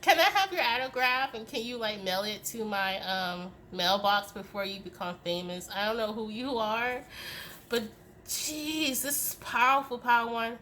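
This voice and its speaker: Bright-voiced woman giving a tarot reading. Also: a little high, moderate pace, slight background noise. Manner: emphatic, swearing, tough-love pep talk; many "okay?" tag questions. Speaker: tarot reader. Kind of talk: casual tarot reading to camera.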